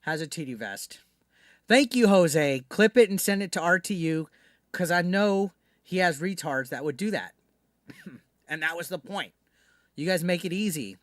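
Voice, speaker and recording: A man's voice: a little high, animated, measured pace, long pauses, dry recording, studio quality. A man streaming live, ranting to his chat in a brash, profane, mocking way.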